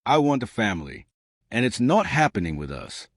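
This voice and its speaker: A man voicing a tired, distant husband in an audio story, speaking flatly and firmly. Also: mid-range voice, normal speed, no room sound, studio quality. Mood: cold, tired. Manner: flat, cold, firm.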